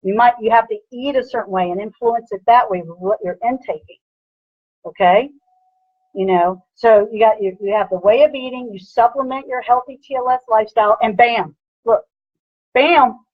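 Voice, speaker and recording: A woman personal trainer giving an energetic motivational lecture, punchy and repetitive, with a husky voice. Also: fairly high pitch, moderate pace, no echo, narrow, tinny audio. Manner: energetic, punchy, repeats "bam" and "right?".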